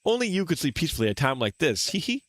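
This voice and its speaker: A man voicing a cheerful young female companion, chirpy and teasing, in a high sing-song voice. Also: very animated, racing, a bit bright, no room sound.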